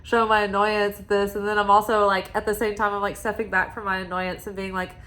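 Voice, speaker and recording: A woman's voice: mid-range voice, flat delivery, fairly quick. Chatty woman reading oracle cards. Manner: rambling, confiding, many "like" fillers; soft and quiet at times, with sighs and laughs. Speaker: oracle card reader. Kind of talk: casual spiritual card-reading vlog.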